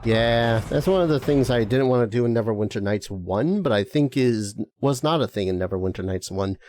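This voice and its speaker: A man casually commenting on a game he is playing, excitable and quick to swear at setbacks. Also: medium pitch, a little hiss or hum. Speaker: streamer playing a video game.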